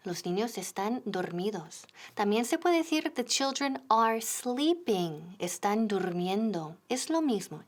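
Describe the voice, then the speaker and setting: A woman teaching English in a TV lesson, modeling example phrases slowly and clearly. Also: mid-range voice. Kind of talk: bilingual language lesson.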